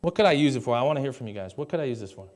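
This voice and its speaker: A man's voice: medium pitch, animated, very fast. A young man preaching a conversational sermon to a live congregation on a stage mic, with jokey asides and questions to the audience. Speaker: pastor.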